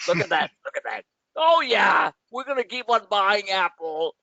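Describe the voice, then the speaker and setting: A man's voice: high-pitched, animated, normal speed, pushed and bright, no room sound, muffled recording, voice pushed up, full character voice. A man mimicking a crowd of overexcited male stock traders in a taunting, sing-song voice.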